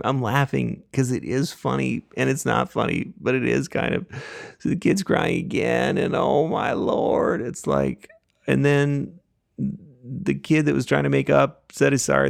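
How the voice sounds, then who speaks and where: A middle-aged man hosting a podcast, telling a family story casually with frequent laughs and lively voices for the people he quotes. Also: mid-range voice, vocal fry, no room sound, clean studio sound. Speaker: podcast host.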